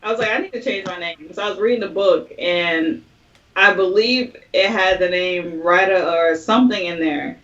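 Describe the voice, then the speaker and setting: A woman's voice: lowish voice, normal speed, a bit bright. A woman, a podcast guest who works as an event host, chatting casually and laughing easily. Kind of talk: casual chat. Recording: distant, dull mic.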